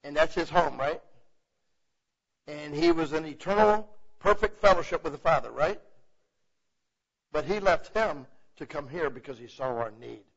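The preacher's voice is fairly high, with vocal fry and a breathy edge, moving at a moderate pace with frequent pauses. He teaches the Bible conversationally and with animation, repeatedly asking "okay?" for agreement, on a muffled lo-fi recording.

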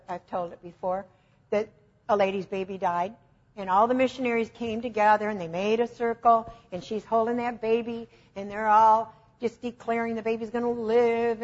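A woman's voice: a little high, lo-fi sound. A woman preaching an informal teaching sermon, telling stories in an earnest, conversational and self-deprecating way.

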